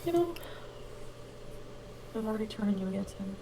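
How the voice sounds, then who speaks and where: A woman on a livestream, explaining herself in a halting, defensive way with many fillers. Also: mid-range voice, lively intonation, background noise. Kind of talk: livestream talk.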